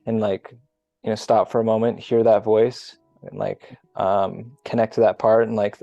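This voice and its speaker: A man on a group call who talks calmly and reflectively, explaining his ideas at length over muffled lo-fi call audio. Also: on the low side, moderate pace, creaky, no echo. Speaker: call participant. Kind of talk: casual group video call chat.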